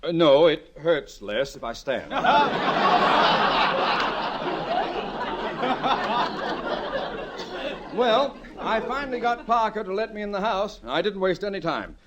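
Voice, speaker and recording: A man's voice: high-pitched, big pitch swings, normal speed, few pauses, a crowd in the background. An actor playing a boastful, blustering middle-aged male banker turned farmer in a 1940s radio sitcom, a father who chuckles at his own jokes. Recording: hissy 1940s radio recording.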